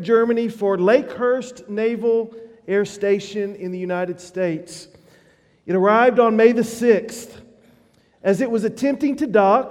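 A man preaching a sermon as pastor in a church, in a measured, reflective way. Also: sits high, a little mellow, big-room sound. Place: church sanctuary.

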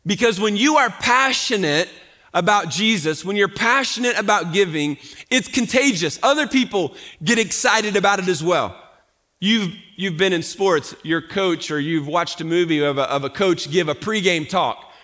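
A man's voice: high voice, normal speed, sharp tone. A man preaching a sermon as pastor, talking conversationally with rhetorical questions and repeated restarts.

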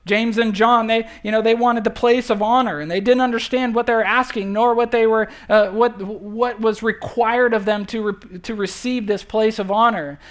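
A woman's voice: a little high, fairly even intonation, normal speed, hardly any pauses. Conversational woman pastor preaching. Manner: conversational, repeats key phrases, checks in with listeners. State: emotional when recalling loss. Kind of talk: sermon.

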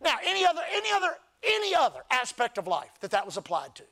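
High-pitched preacher shouting to his church. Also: wildly swooping pitch, fast talker. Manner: preaching, often rising to shouts with crowd call-and-response. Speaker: pastor. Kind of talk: sermon. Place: church service.

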